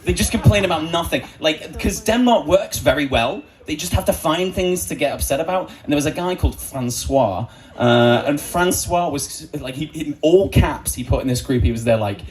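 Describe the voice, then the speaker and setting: A man's voice: a little high, expressive, moderate pace, hardly any pauses, rough recording. A man doing a stand-up comedy set, joking crudely and acting out quoted voices. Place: comedy club stage before an audience.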